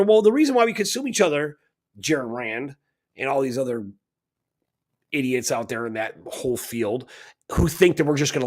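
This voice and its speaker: A man co-hosting a talk radio show, telling long rambling stories that turn heated. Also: mid-range voice. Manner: rambling storytelling with heated bursts. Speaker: co-host. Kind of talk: casual talk radio chat.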